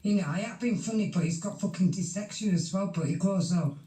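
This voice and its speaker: A woman's voice: mid-range voice, a little fast, mellow, reverberant. A woman in a heated casual voice chat, blunt and sweary as she tells someone off. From Yorkshire, England. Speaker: voice chat participant.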